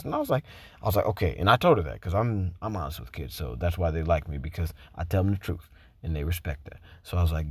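A man who works as a teacher, telling a story casually, with profanity and animated quoted voices. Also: low-pitched, a little fast, husky, no echo.

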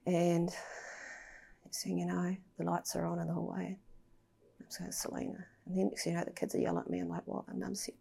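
A woman's voice: lowish voice, creaky, dark tone, breathy edge. A woman telling a personal story as a podcast guest, candid and emotional, swearing and sometimes dropping to a near-whisper.

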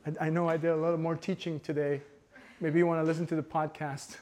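A young adult man preaching a sermon, telling a personal story in an expressive way that swings between hushed and emphatic. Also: fairly high pitch, quick pace. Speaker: pastor.

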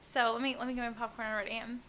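A young woman with a bright, fairly high voice co-hosts a casual podcast chat. She is playfully sarcastic and quick with a joke. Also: flat delivery. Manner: sarcastic, joking. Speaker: podcast co-host.

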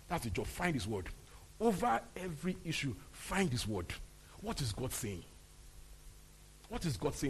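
A Nigerian-accented male pastor preaching to his congregation, his rather high voice swinging widely up and down. He hammers his lines home through repetition and questions thrown at the room. A faint hiss runs under the recording. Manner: emphatic, repeats phrases, asks the congregation rhetorical questions. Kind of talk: sermon. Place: church service.

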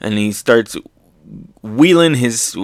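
Young man, excitable comic reactor, unhurried delivery, dry close mic, laughs and sound effects. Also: medium pitch, dry recording.

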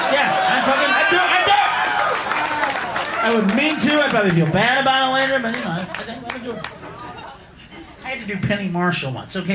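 Male stand-up comic, profane, shouted punchlines, high voice, loud audience. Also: heavy background noise. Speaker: stand-up comedian. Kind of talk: live stand-up routine. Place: comedy club stage. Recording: echoey live club, loud crowd.

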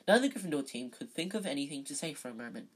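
Casual amateur narrator, husky, mid pitch, frequent slips. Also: expressive, very fast. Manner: stumbling, self-correcting reading. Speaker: amateur reader. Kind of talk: casual read-aloud of a novel.

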